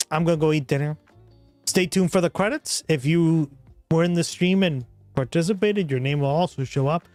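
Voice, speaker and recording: A man's voice: fairly high pitch, no echo. A man hosting a livestream, chatting casually with a rambling, profane manner and frequent laughter. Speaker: livestream host. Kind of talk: casual chat.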